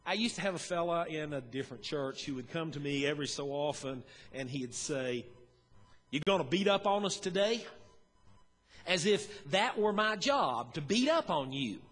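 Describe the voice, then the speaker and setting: A man's voice: on the high side, expressive, normal speed, few pauses, fairly bright tone. Folksy preacher man, church reverb. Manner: folksy, storytelling, chuckles often. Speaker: pastor. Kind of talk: sermon. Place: church sanctuary. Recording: long church hall reverb.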